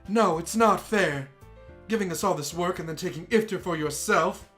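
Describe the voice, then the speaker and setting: A short-tempered young girl from a visual novel , as a man puts her on, pitched high and whiny. Her lines come out indignant and sharp. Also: moderate pace, soft background music.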